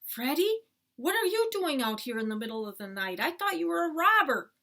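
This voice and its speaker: A woman's voice: a little high, expressive, normal speed, voice pushed up. A woman voicing a stern, worried father in a storybook read-aloud. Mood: alarmed. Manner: loud scolding. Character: stern worried dad, adult man.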